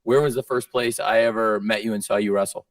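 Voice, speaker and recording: Promoter guy talking up his company, mid voice, kinda halting, dry and far from the mic. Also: fairly low pitch, fairly even intonation, no room sound. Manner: upbeat, measured, a little halting. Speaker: wrestling promoter. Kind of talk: press conference answers. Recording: dry sound from a distant mic.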